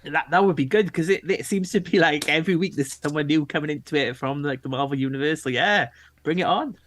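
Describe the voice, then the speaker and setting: A man's voice: a little high, fast, a bit bright, a little hiss or hum. A man joining a live stream as a guest and giving brief, laid-back answers. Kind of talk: casual chat.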